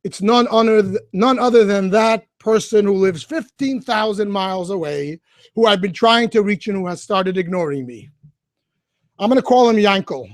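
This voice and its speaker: A middle-aged man, a rabbi, telling an animated story directly to a group of schoolchildren. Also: high-pitched, moderate pace, dry recording, studio quality. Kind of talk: storytelling talk.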